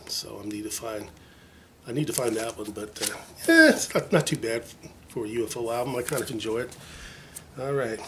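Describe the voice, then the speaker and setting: A man's voice: medium pitch, fairly bright tone, slight background noise. A man chatting casually to his viewers as he shows off records from his collection, rambling and joking at his own expense, with plenty of fillers. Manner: rambling, chatty, self-mocking, many fillers. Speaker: vinyl collector vlogger. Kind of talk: casual show-and-tell chat.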